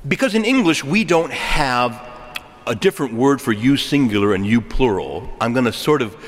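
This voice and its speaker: A man preaching a sermon, animated and joking, asking rhetorical questions to his listeners. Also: mid-range voice, normal speed. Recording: long echo of a large hall.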